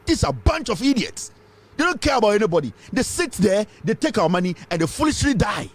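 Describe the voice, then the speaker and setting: A Ghanaian man delivers impassioned political commentary in a high-pitched voice. His voice swings widely as he presses his points, and he mixes Twi into his English. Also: big pitch swings, fast.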